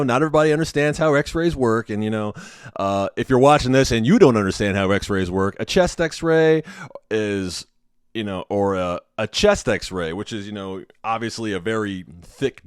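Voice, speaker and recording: A man who works as an x-ray technologist telling a story in a casual, animated way and swearing freely. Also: deep voice, clean tone, no room sound, studio quality.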